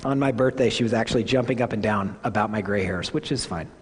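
A man's voice: fairly low pitch, fast, slight background noise. A lead pastor in his forties, giving an earnest, conversational sermon to his congregation and correcting himself as he goes. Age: 40s. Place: church sanctuary. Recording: long hall reverb.

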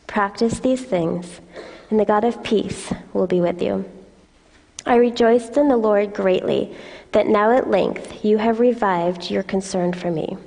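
A woman reading a scripture passage aloud in a church service, in a steady, measured way. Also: mid-range voice, vocal fry. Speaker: scripture reader. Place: church hall. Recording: long reverb of a church hall.

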